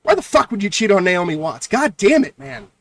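Excitable, swearing male podcast co-host. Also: high voice, fairly quick, dry recording. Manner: excitable, swears a lot, stumbles over words. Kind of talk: casual chat.

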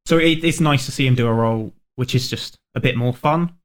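A man's voice: mid-range voice, a little fast. A man in a casual film chat, hesitant and stammering with frequent laughs. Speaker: film podcast co-host.

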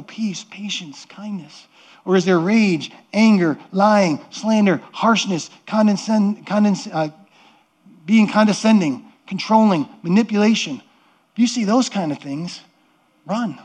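A man's voice: high-pitched, unhurried, darkish tone. A middle-aged man preaching a sermon as pastor, earnest and conversational, often repeating and restarting words.

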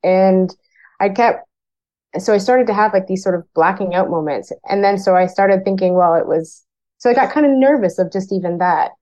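A woman's voice: mid-range voice, moderate pace, mellow, lo-fi sound. A woman from Canada who works as a firefighter, telling her story frankly and plainly, acting out remembered conversations. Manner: frank, plain-spoken, acts out remembered dialogue. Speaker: firefighter guest. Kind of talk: candid personal storytelling.

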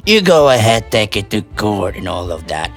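A man's voice: fairly low pitch, very animated, normal speed, faint music behind. A man playing a blustering, stubborn older landowner who stammers and keeps trailing off with "and so on". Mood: indignant. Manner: stammering, repeats "and so on". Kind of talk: amateur stage play reading.

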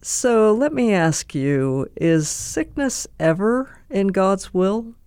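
A man's voice: sits high, animated, slow, clear, resonant tone, no room sound. A man hosting a talk show, asking questions and reacting with short affirmations. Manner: warm laughing listener, short affirmations. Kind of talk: interview.

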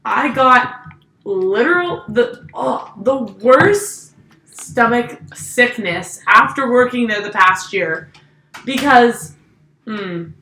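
A young woman chats on a podcast with a bright, sharp edge to her voice. She talks bluntly and jokes, swearing freely. The room sounds echoey, with a faint hiss behind her. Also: on the high side, lively intonation, takes it slowly. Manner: blunt, joking, swears casually. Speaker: podcast co-host. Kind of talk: casual podcast chat.

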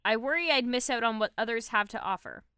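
A woman's voice: a little high, fast, sharp tone, clear, resonant tone, dry recording, studio quality. A woman co-hosting a casual podcast, reading quiz questions and answer options aloud in a matter-of-fact way. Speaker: podcast co-host.

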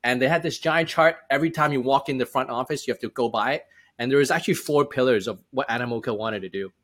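A man speaks as a guest on a podcast, recounting his founder journey in a loose, conversational way. He leans on fillers and restarts his sentences as he goes. His voice sits at a medium pitch. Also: quick pace. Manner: relaxed, with frequent fillers and restarts. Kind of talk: casual storytelling in an interview.

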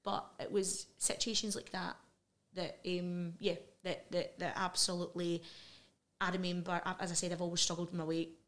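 A woman's voice: on the low side, flat delivery, fairly bright tone. A middle-aged Scottish woman, a podcast guest, talking frankly and earnestly about her past in a candid interview. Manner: earnest, frank, quick asides and laughs.

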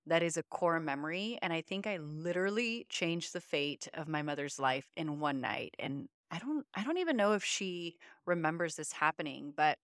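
A woman's voice: deep voice, expressive, normal speed, hardly any pauses, dry recording, clean studio sound. A woman podcast co-host telling a personal story in an earnest, emotional, conversational way. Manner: earnest, emotional, uses many fillers.

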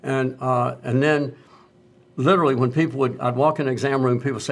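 A man's voice: mid-range voice, fairly quick. A middle-aged man, a doctor, telling stories in a casual conversation and acting out the voices of the people he quotes. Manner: animated storyteller, acts out quoted voices. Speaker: doctor, co-host.

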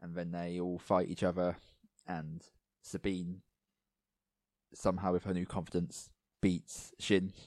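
A man co-hosting a casual podcast chat, rambling with lots of fillers and going a little hoarse. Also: low voice, monotone, a little slow, darkish tone, dry recording. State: losing his voice, coughing. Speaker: podcast co-host.

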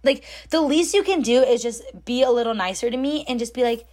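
A young woman telling a story in a casual, chatty way, full of fillers and animated when she quotes people. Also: fairly high pitch, fairly quick, few pauses. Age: young adult. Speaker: storytime host.

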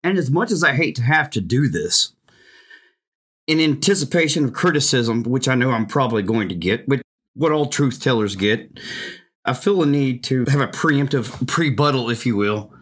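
A man's voice: medium pitch, animated, moderate pace, a bit bright. A male commentator giving an indignant, emphatic opinion monologue with rhetorical flourishes. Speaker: political commentator.

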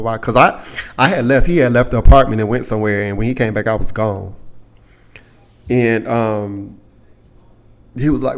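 A young adult man hosting a podcast, telling a personal story in a candid, profane, casual way and getting animated when he quotes other people. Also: medium pitch, normal speed. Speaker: podcast host.

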